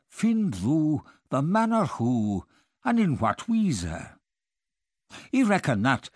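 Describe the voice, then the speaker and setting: A man's voice: mid-range voice, no room sound, clean studio sound. A man reading as a young knight pleading in prayer. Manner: solemn, pleading recitation in archaic verse. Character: young knight praying to love goddess. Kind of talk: reading medieval verse aloud.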